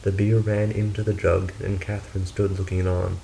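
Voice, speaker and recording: A man narrating a fairy tale in a steady, measured storybook reading. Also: deep voice, vocal fry, a little hiss or hum, rough recording.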